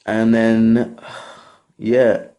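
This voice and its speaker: Brief: young man, low voice, vlog rant, sweary and rambling, exasperated. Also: completely flat delivery, drawn-out words, mellow. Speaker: vlogger. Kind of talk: casual rant to camera.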